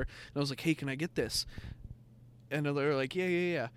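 A young man with a slightly higher voice rambles through a story on a podcast. He piles up fillers and curse words as he talks. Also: moderate pace, slight background noise. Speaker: podcast co-host. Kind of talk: casual chat.

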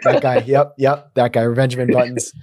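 A man's voice: medium pitch, level tone, normal speed, background noise. A man hosting a movie podcast in casual chat, enthusiastic and upbeat, often repeating words as he goes. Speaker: podcast host.

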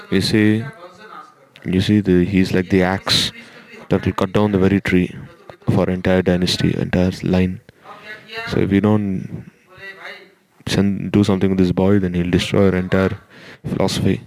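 A man recounts a devotional tale in a slow, halting manner, often restarting his sentences. His voice sits low with a gravelly edge, and he talks with little rise and fall. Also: level tone, a little mellow. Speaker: storyteller. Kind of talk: devotional story talk.

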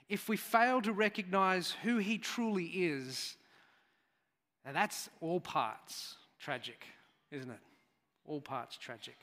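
A man's voice: sits high, sharp tone. A man preaching a sermon, chatty and storytelling, with asides to the congregation. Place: church hall. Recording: church hall reverb.

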